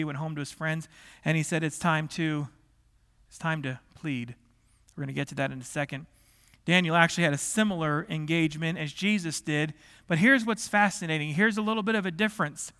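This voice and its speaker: A man's voice: sits high, sharp tone. A male pastor preaching a sermon in a church, moving from easy conversational talk to impassioned pleading. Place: church sanctuary. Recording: long hall reverb.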